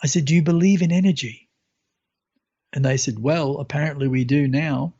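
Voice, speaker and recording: A man tells his story in a relaxed, meandering way, pausing on fillers and acting out what others said. His voice is husky, and the recording sounds muffled and lo-fi. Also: on the high side. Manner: animated retelling, hesitant with fillers, voices others in quotes. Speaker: guest sharing spiritual experiences. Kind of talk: casual storytelling.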